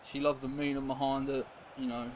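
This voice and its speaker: A man's voice: mid-range voice, flat delivery, brisk. A young man streaming a football game, chatting casually and rambling as he reacts to viewers and play. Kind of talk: casual live-stream chat while gaming. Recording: noisy background hiss.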